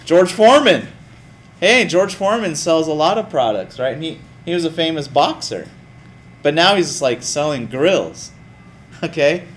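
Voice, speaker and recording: A male teacher lecturing a classroom in a casual, lively way. His voice sits slightly high, and he keeps turning to the students with questions. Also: a little slow.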